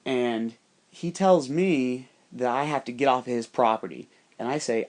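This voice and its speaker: A man's voice: medium pitch, unhurried, a little mellow. A man telling a rambling, heavily profane story in a casual, conspiratorial monologue.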